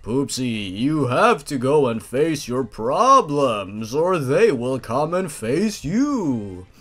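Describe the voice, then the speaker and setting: A man voicing an ominous clown who gives slow, solemn advice. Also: mid-range voice, sing-song, fairly bright tone, heavily acted.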